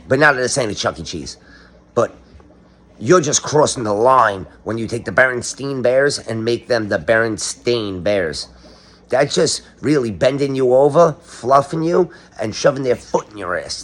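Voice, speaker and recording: Middle-aged guy ranting to camera, sarcastic and jokey, kinda low voice. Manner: sarcastic, ranting, breaks into sung and quoted lines. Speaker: online commentator. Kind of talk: casual comedic monologue to camera.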